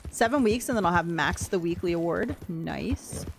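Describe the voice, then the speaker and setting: A woman's voice: fairly low pitch, moderate pace, creaky, background noise. An American woman chatting casually on a game livestream, reacting to chat and to what happens in play. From United States. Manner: chatty, reacts to chat and gameplay as she plays. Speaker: game streamer.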